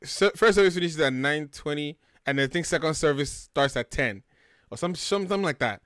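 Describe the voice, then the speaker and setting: Lively Nigerian man telling stories. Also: a little high, fairly quick, no echo, studio quality. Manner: animated, jokey, acts out quotes. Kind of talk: casual chat, storytelling.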